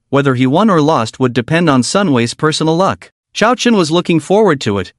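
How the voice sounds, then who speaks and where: A man narrating a comic story recap in an expressive storytelling manner. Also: a little high, no echo, clean studio sound.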